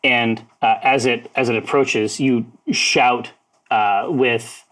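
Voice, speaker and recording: A man narrating a tabletop game as game master, in halting speech full of fillers. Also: mid-range voice, fairly even intonation, a bit bright, rough recording. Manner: halting narration with many fillers, breaks into laughter.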